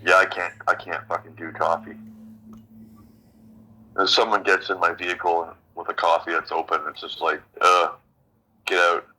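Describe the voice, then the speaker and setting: A man's voice: low-pitched, flat delivery, normal speed, pauses often, sharp tone, breathy edge, low-quality recording. A man from Canada chatting casually while gaming, rambling through stories and swearing freely. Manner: swears a lot, rambling storytelling. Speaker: mobile game player.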